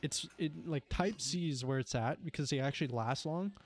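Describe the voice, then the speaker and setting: A man's voice: a little high, normal speed, soft background music. A young man chatting casually among friends, rambling and slangy, often mimicking a device's voice. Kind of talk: casual chat.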